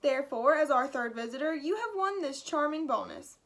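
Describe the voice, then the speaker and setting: A woman voicing a jolly male announcer who booms from ceiling speakers in a storybook. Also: expressive, moderate pace. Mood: booming.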